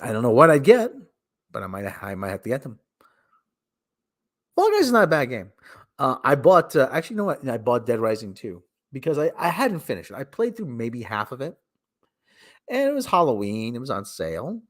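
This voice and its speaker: A man's voice: medium pitch, huge pitch swings, brisk. A man hosting a casual solo livestream, rambling and cutting himself off, with mock radio-announcer asides. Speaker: livestream host.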